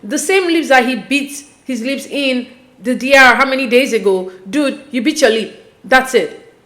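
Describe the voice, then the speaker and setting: A woman's voice: high voice, unhurried, a bit bright. A young woman giving a casual recap of a reality show, with exasperated, incredulous commentary. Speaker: recap vlogger.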